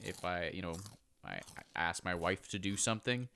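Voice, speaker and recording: A man's voice: low voice, moderate pace, gravelly, sharp tone, clean tone. A man co-hosting a casual podcast, joking crudely at his own expense and swearing in banter. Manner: self-deprecating, crude banter. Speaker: podcast co-host. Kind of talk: casual chat.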